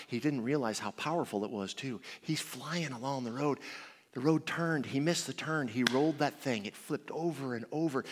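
A man preaching in a church sanctuary, his voice carrying a long, lingering reverb. His delivery is animated, with bold swings of pitch and loudness. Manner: animated storytelling with big swings in pitch and volume. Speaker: guest preacher. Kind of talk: sermon.

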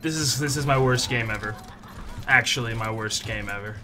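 A young man commentating his own competitive match, swinging between low muttering and frustrated yelling, his voice strained from shouting. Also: normal speed. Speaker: gaming YouTuber. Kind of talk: live gameplay commentary.

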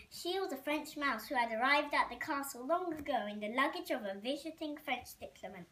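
A woman reading a storybook aloud, halting and stumbling over words. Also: high voice, lively intonation, sharp tone, a little hiss or hum. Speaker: reader. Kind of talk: amateur storybook read-aloud.

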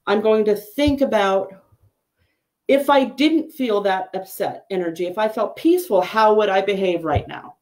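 A middle-aged woman, a psychic medium, chatting casually and telling a story in an animated, lively way. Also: normal speed. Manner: chatty storyteller, animated with pitch jumps on quoted lines. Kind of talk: casual chat.

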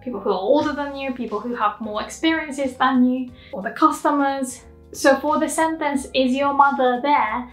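Native Japanese woman teacher, slightly high voice, careful phrase demos, echoey room, soft music underneath. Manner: slow, careful modeling of phrases. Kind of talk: explanatory language lesson.

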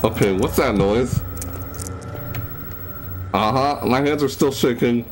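A man's voice: slow, rough recording. A young man narrating a horror game as he plays, scared and jittery, talking to himself and yelping at sudden noises. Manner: jumps into high yelps when startled. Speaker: gaming YouTuber. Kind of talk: horror game let's play commentary. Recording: steady background noise.

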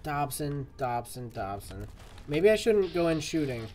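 A man's voice: fairly high pitch, big pitch swings, unhurried, a little mellow. A man giving live commentary on a game he is playing, jokey and exasperated as he talks to the game. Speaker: streamer.

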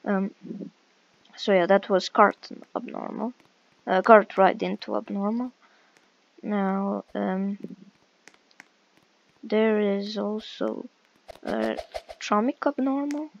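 A woman's voice: medium pitch, little pitch movement, slow pace, gravelly, pauses often, dull audio. A woman giving casual, hesitant gameplay commentary with many fillers while walking through a game. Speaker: game walkthrough creator.

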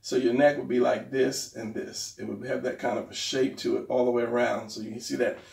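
Gravelly-voiced man teaching drawing. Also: medium pitch, level tone, fairly quick, darkish tone. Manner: thinking aloud while sketching, restarts and pointing. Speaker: art instructor. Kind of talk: casual drawing tutorial. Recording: roomy, distant mic.

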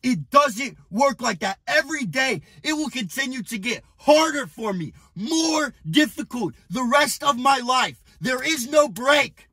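A young man coaching in an aggressive, profane motivational rant, often shouting at the viewer. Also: very high voice, animated, measured pace, few pauses, slightly rough, no room sound. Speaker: business and fitness coach.

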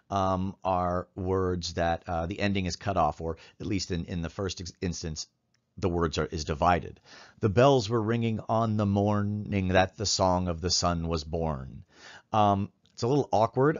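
A man giving a lecture as a literature professor. He talks in a thoughtful, halting way, with many fillers and restarts, and reads lines of verse aloud in a measured way. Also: sits low, highs cut off.

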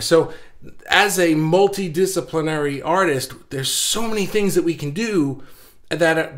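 A man in his thirties chatting live to his viewers, his voice sitting a little high for a man. He talks fast and keenly, tripping over fillers and restarts. He sounds a bit out of breath from his own excitement. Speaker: livestream host. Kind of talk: casual livestream chat.

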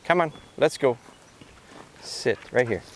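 A man explaining his dog training step by step, giving short sit and come commands between calm remarks, recorded outdoors in the countryside. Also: mid-range voice, slow, a little hiss or hum. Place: outdoors in a rural field.

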